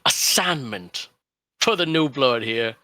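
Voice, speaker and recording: A man voicing a brash shady business boss in a tabletop game, pitching like a salesman and leaping up into loud, high bursts. His voice swings wildly in pitch and sounds bright and forceful. It sits close and dry on the mic. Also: expressive, takes it slowly, no echo.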